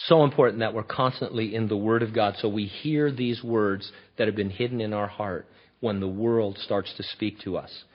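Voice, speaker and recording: A man preaching a sermon in an animated, conversational, emphatic way. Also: on the low side, moderate pace, breathy edge. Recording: dull lo-fi recording.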